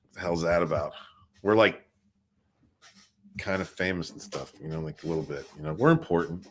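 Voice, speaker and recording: A man runs a casual livestream podcast and chats with a somewhat low-pitched voice. He rambles, repeats himself and keeps talking to fill any silence. He greets viewers by name as he goes. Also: normal speed. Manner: rambling, fills dead air, greets chat by name.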